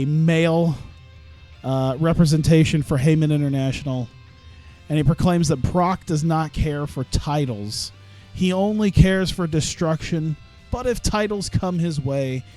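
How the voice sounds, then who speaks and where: A man's voice: a little high, expressive, measured pace, mellow, faint music behind. A young man streaming a wrestling management game, commentating casually with lots of swearing and laughter. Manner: profane, laughing, rambling commentary. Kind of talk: casual let's-play commentary.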